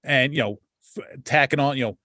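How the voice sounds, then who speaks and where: A man hosting a podcast, talking in loose, rambling casual chat and dropping curse words as he goes. His voice sits at an ordinary middle pitch. The sound is dry and close, with no room echo. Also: a little fast, sharp tone. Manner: rambling, swears freely, many restarts. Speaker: podcast host.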